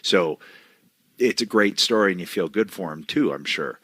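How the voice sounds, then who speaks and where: A man's voice: low-pitched, animated, normal speed, fairly bright tone, husky, dry recording. A man co-hosting a casual interview podcast, reflective and encouraging, thinking aloud as he goes. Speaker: podcast co-host.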